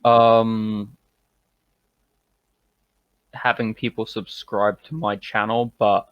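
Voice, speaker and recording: A British man answering interview questions in a thoughtful, hesitant way, often pausing to find his words. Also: lowish voice, little pitch movement, clear, resonant tone, dry recording, lo-fi sound. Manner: thoughtful, hesitant, many ums and restarts. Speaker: interview guest. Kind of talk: casual online interview chat.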